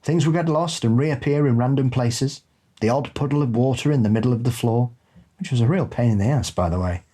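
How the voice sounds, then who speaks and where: Husky man reading listener stories. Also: mid-range voice, fairly quick, mellow. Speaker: podcast co-host.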